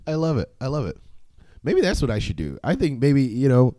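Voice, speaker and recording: A man's voice: mid-range voice, warm tone, no room sound. A young man hosting a solo podcast, talking casually in a profane, rambling way, with frequent laughs and filler words. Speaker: podcast host.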